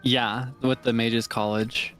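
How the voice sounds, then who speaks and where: A man's voice: flat delivery, slow pace, a bit bright, soft background music. A man streaming a video game, chatting casually with a friend and laughing often. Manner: chatty, breaks into high laughs. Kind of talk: casual gaming chat.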